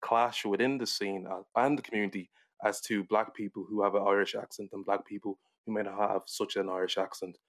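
Podcast host guy, lowish voice, calm and articulate. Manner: measured, articulate. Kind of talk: podcast discussion.

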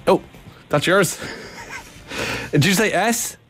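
A woman's voice: lowish voice, slow, fairly bright tone, faint music behind. An adult woman hosting a playful chat with a child, teasing and joking with her. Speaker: radio host.

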